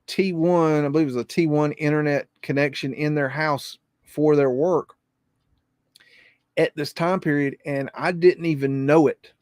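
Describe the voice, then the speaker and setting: A man's voice: medium pitch, dry recording, clean studio sound. A man hosting a live podcast, talking in a rambling, repetitive way and swearing freely. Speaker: podcast host.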